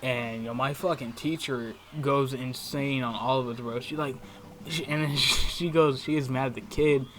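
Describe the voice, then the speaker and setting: A man's voice: mid-range voice, fairly even intonation, normal speed, over loud music. Profane, slangy storytelling young man. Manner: profane, slangy, constant "right?" and "bro". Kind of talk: casual storytime vlog.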